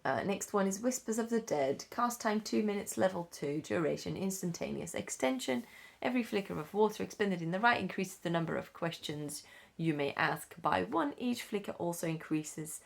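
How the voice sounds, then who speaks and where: A young woman casually reading tabletop game rules aloud, unhurried, with frequent fillers and self-corrections. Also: fairly low pitch, lively intonation, vocal fry. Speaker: rulebook reader.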